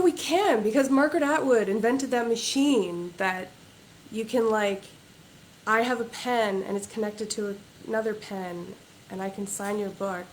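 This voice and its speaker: A woman's voice: medium pitch, a little hiss or hum, rough recording. A woman author reading aloud from her own novel at a livestreamed book launch, in a plain reading voice without character voices or accents.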